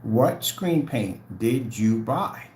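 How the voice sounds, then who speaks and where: A man on a livestream rant, taunting and confrontational, hammering viewers with the same questions again and again. His pitch jumps around a lot, swinging from low mutters to high, pointed jabs. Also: animated, slow, a little mellow, a little hiss or hum. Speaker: channel host.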